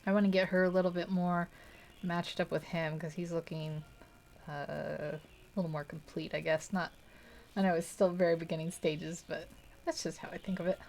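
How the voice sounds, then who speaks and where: A woman's voice: lowish voice, fairly even intonation, normal speed, vocal fry, darkish tone, slight background noise. A young woman hosting a live art stream, chatting casually and rambling while she paints, laughing often and poking fun at herself. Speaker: art livestream host.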